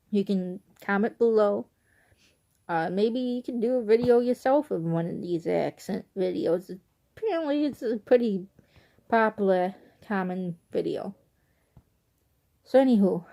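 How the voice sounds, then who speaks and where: A woman's voice: medium pitch, dark tone. A woman with an Illinois accent, chatting casually through an accent-tag vlog with rambling, giggly asides. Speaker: vlogger.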